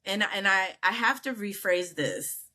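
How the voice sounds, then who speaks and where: A woman's voice: medium pitch, animated, measured pace, bright, forceful tone. A middle-aged American woman telling a story as an interview guest, acting out the people she quotes with big jumps in her voice. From United States. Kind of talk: casual storytelling.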